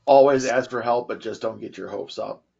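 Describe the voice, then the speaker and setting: A man's voice: mid-range voice, moderate pace, vocal fry, dark tone, breathy edge. A man who is a regular in a support group, giving direct, assertive advice in a casual video-call chat. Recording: muffled video-call audio.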